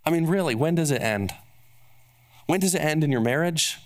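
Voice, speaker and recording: A man's voice: animated, moderate pace. A man preaching a sermon as pastor, stressing points with repeated rhetorical questions and acting out the words of those he quotes. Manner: acts out quoted speech with shifting pitch.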